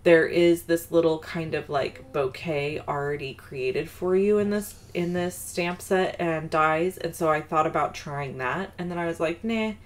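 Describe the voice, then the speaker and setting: A woman's voice: deep voice, steady tone, unhurried, few pauses. A woman hosting a card-making video, chatting casually and rambling into a personal story with self-deprecating asides. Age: adult mother of a daughter.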